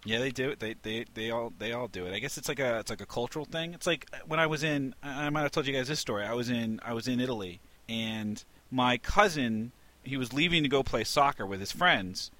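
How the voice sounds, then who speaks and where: A man co-hosting a podcast, telling stories in a casual, animated and profane way. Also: mid-range voice. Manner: animated, profane, lively storyteller. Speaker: podcast co-host. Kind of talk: casual chat, storytelling.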